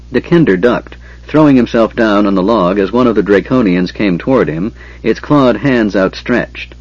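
A man narrating an audiobook with steady, measured storytelling. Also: on the low side, breathy edge, no echo, dull audio.

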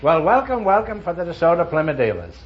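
A man hosting a quiz show, teasing contestants with quick mock-serious one-liners. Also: on the high side, big pitch swings. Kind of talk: wisecracking quiz show banter. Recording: dull lo-fi archival broadcast with hiss.

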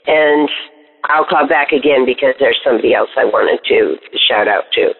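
A man's voice: mid-range voice, normal speed, creaky, husky, soft background music. A man leaving a thankful phoned-in voicemail with some fillers. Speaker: caller. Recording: tinny phone line with reverb.

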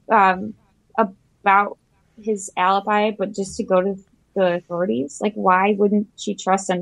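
A woman's voice: mid-range voice, vocal fry, no echo, low-quality recording. A woman hosting a casual podcast chat, playful as she steers the discussion into the next topic. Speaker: podcast host.

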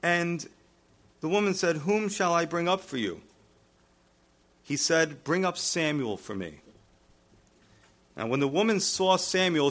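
A male pastor preaching a verse-by-verse sermon in a conversational way, raising his voice to act out quoted speakers. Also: a little high. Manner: animated, acts out quoted lines in a raised voice; conversational asides, fillers. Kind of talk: expository sermon.

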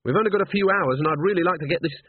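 A man's voice: high-pitched, very fast, husky, dry recording, pitched above the performer's own voice. A man reading aloud while voicing an earnest, anxious young woman who stammers and pleads. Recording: tinny narrow phone-like sound.

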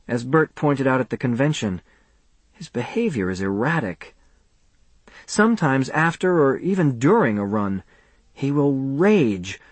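A man reading a first-person audiobook in a measured, subdued way. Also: medium pitch, dry recording. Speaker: audiobook narrator.

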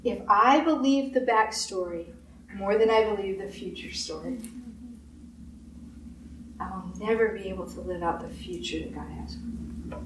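A woman pastor giving a sermon, with emphatic repetition and quick acted-out quotes. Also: mid-range voice, fairly bright tone. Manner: repetitive emphatic preaching, acts out quoted voices. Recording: roomy echo, distant mic, faint hiss.

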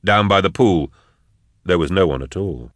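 A man reading a novel aloud as an audiobook, narrating in a measured, quiet way. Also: low voice, dry recording, studio quality.

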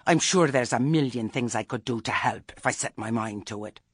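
A man voicing a stern, proud old witch woman in an audiobook, speaking firmly with a husky voice. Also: mid-range voice, moderate pace, fairly bright tone, dry recording, studio quality.

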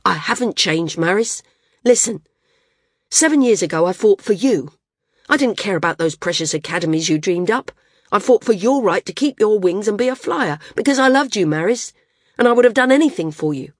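A woman's voice: mid-range voice, expressive, normal speed, dry recording, clean studio sound, close to an everyday voice. A woman voicing a lean, cheerful but stubborn male flyer in an audiobook, reading his lines earnestly and argumentatively. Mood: heated.

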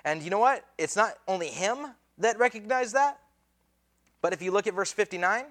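A man's voice: high-pitched, lively intonation, moderate pace, a bit bright. A man preaching a sermon as pastor, in a casual, conversational way with slang and acted-out quotes.

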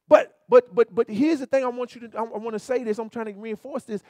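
A man pastor preaching a sermon in an animated, colloquial way, turning often to his listeners with repeated asides. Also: very high-pitched, fast, few pauses, no echo, clean studio sound.

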